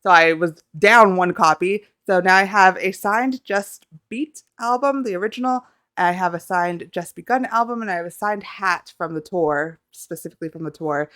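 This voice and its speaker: A young Canadian woman vlogs from home, telling a story in a casual reaction video with a flustered, excitable, gushing ramble full of swearing. Her voice sits a little low for a woman, smooth and clear, at normal speed, and the sound is close and dry with no echo.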